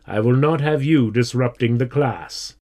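A man voicing a stern male schoolteacher who gives cold, firm warnings in a smooth, chilly voice. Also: mid-range voice, unhurried, warm tone, close to an everyday voice.

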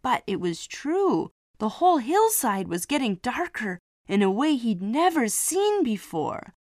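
A woman reads a children's story slowly and expressively. Her pitch rises and falls widely, her voice sits a little high for a woman, and the sound is dry and close. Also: sing-song, darkish tone, no room sound.

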